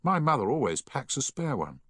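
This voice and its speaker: A high, eager, well-spoken young schoolboy chatters away brightly, put on by a male narrator. The delivery bounces and lilts. The recording is close and dry. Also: sing-song, normal speed, breathy edge, dry recording. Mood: chatty.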